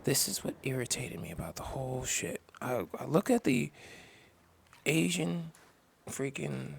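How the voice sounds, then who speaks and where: Gravelly man ranting heatedly. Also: mid-range voice, a little slow. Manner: heated, profane, exasperated. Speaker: vlogger. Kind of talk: angry storytelling rant.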